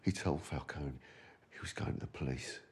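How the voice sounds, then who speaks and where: Grave, very deep old butler. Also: male voice, moderate pace, a little mellow. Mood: solemn. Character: grave elderly male butler.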